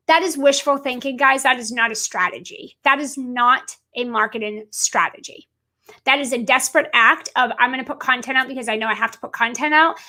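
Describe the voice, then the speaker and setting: A woman's voice: high-pitched, bright, forceful tone. A woman business coach giving an emphatic live video talk, repeating her points and calling her audience "guys".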